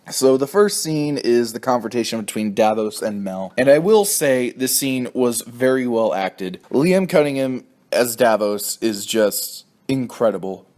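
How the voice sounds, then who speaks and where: A man reviewing a TV episode in an angry, profane rant. He sounds exasperated, and his voice leaps up high when he gets indignant. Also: darkish tone. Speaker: TV show reviewer.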